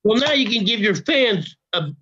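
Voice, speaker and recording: An older man, an actor guest on a podcast, telling a story in a profane, animated way and acting out the quotes, on a dull lo-fi recording. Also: high-pitched, moderate pace. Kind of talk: casual storytelling. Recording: dull lo-fi sound.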